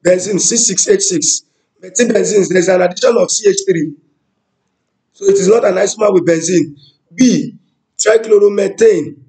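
A man's voice: sits high, dark tone, low-quality recording. A man walking through exam questions as a chemistry tutor, explaining each answer and asking rhetorical questions. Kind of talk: exam-prep lesson walkthrough.

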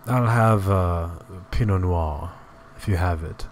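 A man voicing Grim, a smooth, mannered, world-weary plague doctor. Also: deep voice, slow, slight background noise. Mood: suave.

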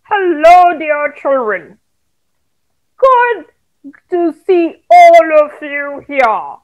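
A woman voicing a cheerful male stick man, a family father with a jolly, booming manner. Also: lively intonation, very slow, muffled recording, heavily acted. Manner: jolly booming greeting laugh.

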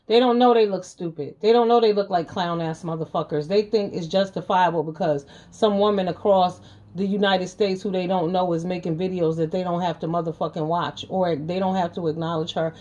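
On her own channel, a woman with a fairly low, steady, warm voice rants at her viewers in brisk, profane, confrontational commentary, repeating lines for emphasis. The audio is dull.

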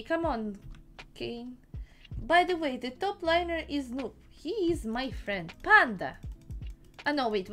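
A woman's voice: high-pitched, pushed and bright. A woman streaming a game live, chatting casually and teasing her teammates with lots of laughter. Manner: playful, teasing, laughs often. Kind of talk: casual live gaming chat.

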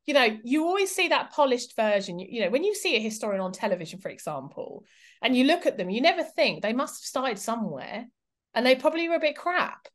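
A woman's voice: a little high, fast. Woman, interview guest, chatty and candid, self-deprecating, lots of "like" and "you know". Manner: candid, animated and self-mocking, with lots of fillers. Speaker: guest historian and documentary presenter. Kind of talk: casual interview chat.

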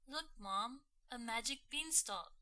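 Casting: eager young boy for a storybook read-along, bright and a little high, read by a woman. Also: expressive, slow pace, dry recording, full character voice. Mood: cheerful.

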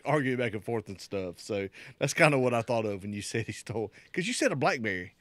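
A man's voice: medium pitch, expressive, fast talker, a bit bright, no echo. A man in his thirties co-hosting a casual podcast chat, joking and laughing often. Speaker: podcast co-host.

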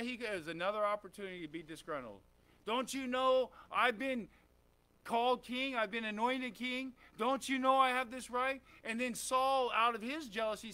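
A man's voice: extremely high pitch, sharp tone, smooth. A man preaching a conversational sermon in a church, often asking the congregation questions and saying "amen.". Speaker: pastor.

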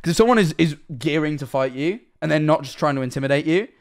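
A man's voice: fairly high pitch, expressive, fast talker. A young man casually reacting to videos on stream, rambling, swearing freely and laughing often.

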